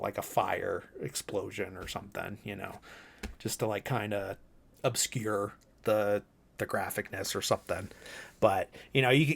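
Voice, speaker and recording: Rambling, swearing man, lowish voice. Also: gravelly, breathy edge. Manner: rambling, loose, swears freely, heavy "like" and "you know". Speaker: podcast co-host. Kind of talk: casual movie recap.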